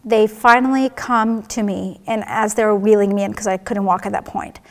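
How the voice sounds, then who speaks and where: A woman's voice: medium pitch, fairly even intonation, normal speed, big-room sound. A woman giving a personal testimony at church, telling her story candidly and acting out the dialogue.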